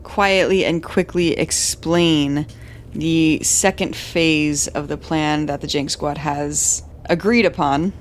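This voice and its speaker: A woman player in a tabletop game, calmly describing what her character does. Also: low-pitched, a little hiss or hum.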